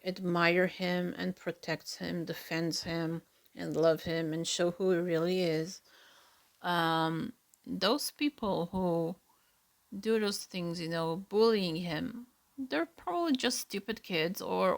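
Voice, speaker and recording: Slow, creaky-voiced woman podcaster. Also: lowish voice. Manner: earnest, chatty, with fillers and soft asides. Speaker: podcast host. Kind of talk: casual solo reaction podcast.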